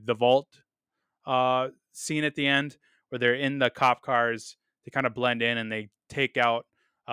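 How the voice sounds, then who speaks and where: A man hosting a casual solo podcast, full of enthusiasm, with lots of fillers and repeated words, often trailing off quietly at the end of sentences. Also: mid-range voice, clean tone, no room sound, clean studio sound. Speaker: podcast host reviewing films.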